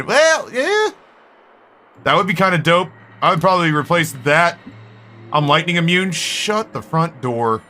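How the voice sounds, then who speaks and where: A man giving wry, profane running commentary while playing a video game, with sudden high yelps. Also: slight background noise. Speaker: game streamer. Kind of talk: casual gameplay commentary. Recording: game music loud behind voice.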